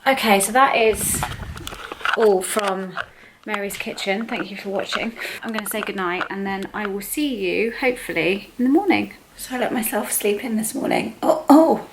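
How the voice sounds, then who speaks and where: A young British woman talks to a handheld camera in her home kitchen. She rambles in a relaxed, chatty way with plenty of fillers and asides, and a faint background hiss sits under her voice. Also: medium pitch, moderate pace. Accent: British English. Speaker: lifestyle vlogger. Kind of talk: casual vlog chat to camera.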